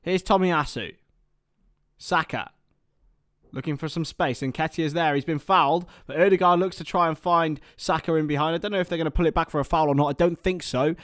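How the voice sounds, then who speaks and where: A man doing chatty live football commentary for a watchalong stream, excitable and talking to his viewers. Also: fairly high pitch, brisk, dry recording, studio quality.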